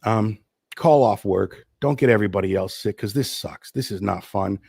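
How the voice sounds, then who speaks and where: A man's voice: moderate pace, gravelly, darkish tone, slightly rough, no echo, clean studio sound. Worn-out sick man rambling on a live stream. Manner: rambling, loose, low-energy. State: sick with flu, tired. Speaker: host of a live stream show. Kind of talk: casual live stream chat. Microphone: streaming setup.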